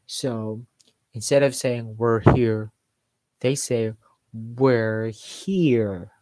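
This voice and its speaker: Male accent coach, casual live-stream lesson, mid-pitched voice, dry close mic. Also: steady tone, slow pace, darkish tone, dry recording. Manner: explains with modeled examples and filler words. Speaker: English accent teacher.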